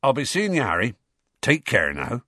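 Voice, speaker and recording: A man reading an audiobook, voicing a huge, gruff, gloomy half-giant who talks slowly and broods. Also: medium pitch, wildly swooping pitch, sharp tone, dry recording, studio quality, exaggerated voice. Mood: dismissive. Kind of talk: audiobook character voice.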